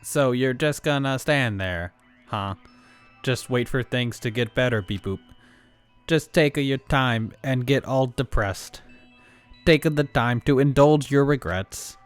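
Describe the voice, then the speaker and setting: A man voicing a brash tough teenage biker, as an AI program simulates him, with loud swaggering taunts and robot beeps tacked on. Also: on the high side, brisk, soft background music, pitched above the performer's own voice, natural voice. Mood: taunting.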